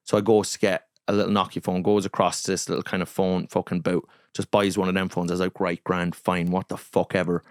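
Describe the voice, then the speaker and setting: Irish comedian telling animated anecdotes. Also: male voice, sits low, fast talker, hardly any pauses, clean tone, no echo, clean studio sound. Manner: animated, swearing, acting out quotes in his anecdotes. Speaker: comedian, podcast guest. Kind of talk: casual storytelling chat.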